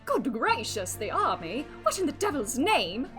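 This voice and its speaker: A woman's voice: high voice, big pitch swings, unhurried. A woman reading the lines of a stately older male judge in formal, ornate courtroom language. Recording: game music playing behind.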